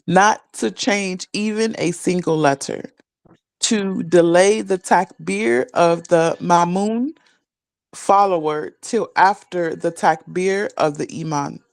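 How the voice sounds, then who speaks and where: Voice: mid-range voice, takes it slowly, creaky, dry recording. Student reading a list aloud. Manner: reads a list aloud, then asks casual questions. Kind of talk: classroom reading and questions.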